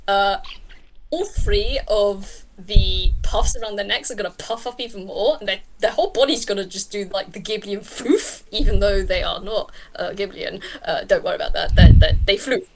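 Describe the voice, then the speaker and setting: A woman narrating as game master, giggly and animated. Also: medium pitch, normal speed, poor audio.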